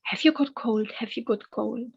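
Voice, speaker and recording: A woman voicing an old male frost spirit in a fairy tale, asking slow, repeated questions. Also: fairly high pitch, breathy edge, highs cut off. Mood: questioning.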